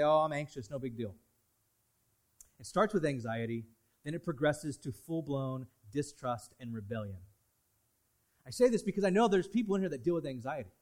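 A man with a notably high voice preaches from the pulpit. His delivery is dynamic, leaning in hard on key lines and then falling to a soft, confiding hush. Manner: dynamic preaching, swinging between loud emphasis and hushed asides. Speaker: pastor. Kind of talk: sermon.

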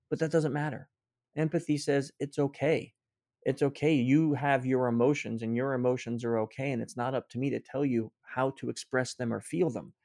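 A man's voice: medium pitch, darkish tone, no echo. Middle-aged man, guest author, earnest storytelling, frequent restarts, dry close sound. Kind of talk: storytelling in conversation.

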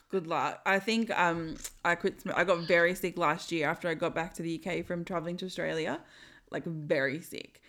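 A woman's voice: on the low side, steady tone, moderate pace, a bit bright. A young woman hosting a podcast, chatting casually with a friend, laughing often and filling with um. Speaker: podcast host.

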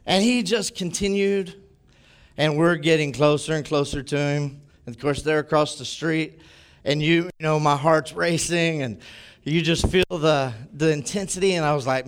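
A man preaching a sermon as pastor, telling a personal story in a conversational, animated way. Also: on the high side, a little slow.

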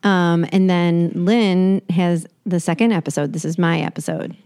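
A woman's voice: fairly low pitch, steady tone, measured pace, dark tone, smooth. A woman in her forties co-hosting a casual chat show, telling rambling stories full of restarts. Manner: rambling storyteller with frequent restarts. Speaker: podcast co-host.

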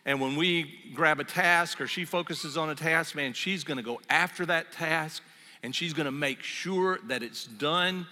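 A pastor man preaching with a somewhat high, bright, edged voice. He talks in a relaxed, storytelling way full of asides. The sound carries a long reverb from a church hall. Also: measured pace. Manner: conversational, storytelling with asides and fillers. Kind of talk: sermon.

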